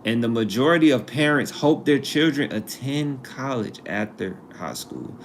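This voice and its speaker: Lively intonation marks this medium-pitched man's voice as he hosts a live stream at a moderate pace. The talk is casual and loose, drifting off topic with repetition for emphasis, over a little hiss or hum.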